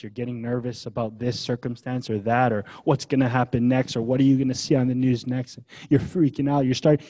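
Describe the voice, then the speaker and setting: A male pastor delivers a sermon in a mid-range voice. He drops to a hush for gentle passages, then builds to loud, emphatic declarations, and slips in casual, conversational asides. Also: medium pitch.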